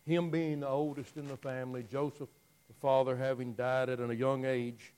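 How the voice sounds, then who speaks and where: A man preaching a dramatic storytelling sermon, swinging from loud declaiming to hushed, near-whispered lines. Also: medium pitch, flat delivery, clear, resonant tone, poor audio. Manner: slow, drawn-out phrasing with long pauses.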